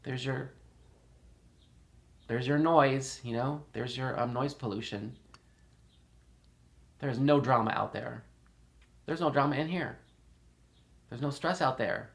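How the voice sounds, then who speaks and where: Indoors in a house, a male podcast host rambles casually, repeating himself and laughing often. His voice is medium-pitched and creaky, and he speaks slowly with frequent pauses.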